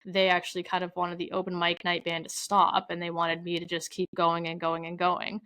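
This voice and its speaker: A woman's voice: lowish voice, completely flat delivery, a little fast, fairly bright tone, no echo, poor audio. A young adult woman from Canada, a podcast guest telling stories in casual, rambling chat, full of "like" and quoted asides. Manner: chatty storyteller, heavy use of "like".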